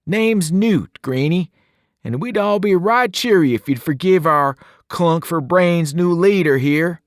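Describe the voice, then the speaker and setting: A man's voice: high-pitched, huge pitch swings, unhurried, gravelly, a bit bright, no echo, studio quality, pitched above the performer's own voice, heavily acted. A man voicing a friendly teenage boy with an odd accent and cheery slang.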